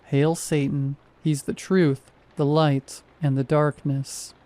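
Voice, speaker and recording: A mocking, croaking demonic radio DJ, as a male narrator puts him on, drawling slowly from a horror story. His voice sits a little high and dark in tone. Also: level tone. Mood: sardonic. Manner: slow, croaking, mocking delivery.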